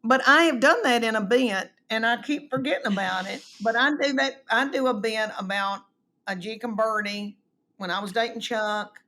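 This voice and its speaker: A middle-aged woman, telling animated stories and acting out quoted voices in a casual chat. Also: on the high side, normal speed, slight background noise. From East Tennessee, US. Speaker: comedian guest.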